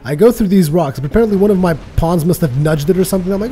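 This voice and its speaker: A man giving casual, rambling voice-over commentary on his own gameplay, excitable and quick to swear. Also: on the high side, a little hiss or hum. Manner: rambling and excitable, swears freely, repeats words. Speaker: let's play commentator.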